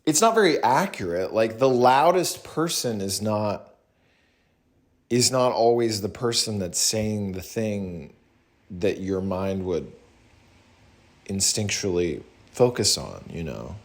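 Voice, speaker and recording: Slow, meandering young man chatting. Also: on the low side, expressive. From American South. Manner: slow, meandering, many pauses and restarts; talking in a put-on different voice today. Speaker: vlogger talking to viewers. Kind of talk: casual rambling livestream chat.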